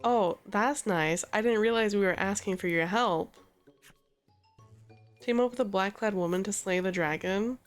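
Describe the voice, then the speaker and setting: A woman streamer reacts to a game in an unhurried drawl, sarcastic and salty. Faint game music runs underneath her. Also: mid-range voice. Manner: playful, sarcastic and profane. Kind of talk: casual live-stream commentary.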